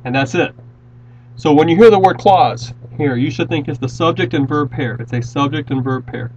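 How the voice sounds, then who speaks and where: A man's voice: on the high side, moderate pace, darkish tone, slight background noise. Patient man teaching grammar, lo-fi. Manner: patient, repeats and restarts words while explaining. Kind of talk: grammar lesson at a whiteboard. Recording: dull lo-fi classroom recording.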